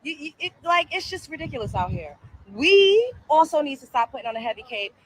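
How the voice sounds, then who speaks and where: A woman's voice: high-pitched, big pitch swings, brisk, reverberant. A woman hosting a reaction commentary show, blunt and profane, firing off rhetorical questions.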